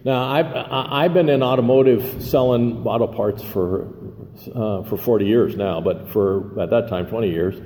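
A man's voice: on the low side, normal speed, dark tone. An older man giving a personal recovery share, rambling with many fillers and restarts and a self-deprecating humor. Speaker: recovery meeting speaker. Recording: echoey hall with faint noise.

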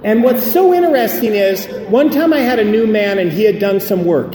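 A man gives an emphatic recovery talk, recorded in an echoey hall, telling stories and acting out the dialogue. His voice sits high and mellow at a normal speed.

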